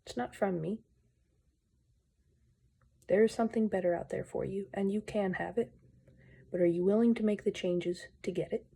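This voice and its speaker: A woman reading a moral story aloud and then speaking earnestly and gently to her viewers, in a pleading tone. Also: medium pitch, fairly even intonation, moderate pace, vocal fry, pauses often, husky. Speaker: storyteller and channel host.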